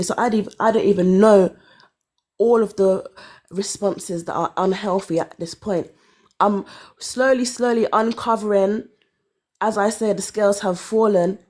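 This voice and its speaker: A woman in her thirties telling her own story in casual chat, candid and animated, with sighs and laughs. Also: mid-range voice. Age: 30s. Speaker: caller.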